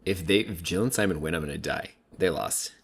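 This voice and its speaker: A man's voice: low voice, fairly quick, slight background noise. A man casually commenting on a reality TV episode, chatty and laughing often, with lots of fillers. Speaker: reality TV recap host.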